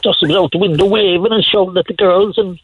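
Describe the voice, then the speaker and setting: A man's voice: sits high, steady tone, quick pace, phone-quality sound, slight background noise. A man calling in to a radio show, rambling through anecdotes with lots of restarts and chuckles. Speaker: caller. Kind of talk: casual anecdotes on a radio phone-in.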